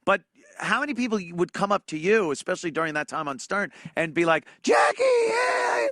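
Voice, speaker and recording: A man chimes into a comedy podcast with quick reactions and questions. His voice is bright and slightly high, and it moves around a lot. The sound is dry and close. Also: lively intonation, no echo. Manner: chiming in with short reactions and laughs. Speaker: podcast co-host. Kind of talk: casual comedic chat.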